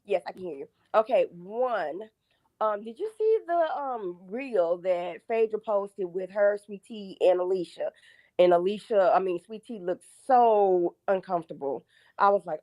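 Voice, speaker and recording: A woman's voice: mid-range voice, expressive, a little slow, a little mellow, dry recording. A woman in her forties calling in to a live show, talking through her points one by one in a chatty, emphatic way. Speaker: caller. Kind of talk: casual phone-in chat.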